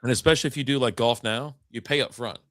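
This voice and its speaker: A man's voice: mid-range voice, fairly even intonation, fast, fairly bright tone, no room sound, studio quality. A man co-hosting a casual live-stream show, rambling through stories and swearing freely. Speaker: podcast co-host.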